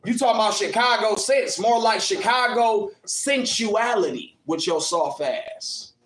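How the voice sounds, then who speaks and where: A man's voice: high voice, unhurried, fairly bright tone, echoey room. A man hosting a livestream, taunting and mocking a commenter in a combative rant. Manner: taunting, mocking, combative, laughs at his critic. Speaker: livestream host answering commenters. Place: in Ohio.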